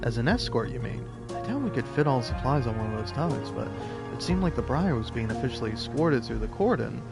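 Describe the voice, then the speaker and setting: A man voicing a nervous, weary spacefaring planner from a video game, using his own voice pitched slightly higher. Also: sing-song, brisk, creaky, over loud music. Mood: worried. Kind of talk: reading game dialogue aloud.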